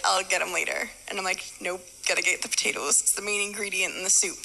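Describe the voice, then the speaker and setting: Bright chatty woman telling a story. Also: medium pitch, brisk, gravelly, in a large hall, low-quality recording. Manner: chatty, laughing, acts out dialogue. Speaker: ministry student sharing a testimony. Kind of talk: casual storytelling.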